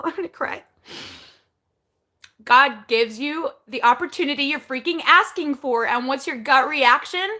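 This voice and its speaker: With a fairly high, bright, forceful voice, a forty-something woman runs a relaxed live chat. She's chatty and frank, often answering her own questions, then walks listeners through coaching advice step by step.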